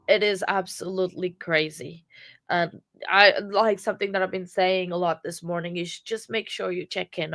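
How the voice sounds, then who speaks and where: A sad woman close to tears, hosting a casual true crime live stream in a subdued, monotone way. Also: lowish voice, no room sound. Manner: subdued, self-described monotone delivery. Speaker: true crime livestream host.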